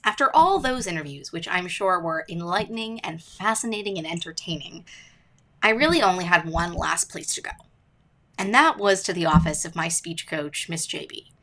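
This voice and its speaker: A woman's voice: lowish voice, expressive, moderate pace, fairly bright tone, rough recording. A woman hosting and narrating a podcast intro in a playful, wry scripted style.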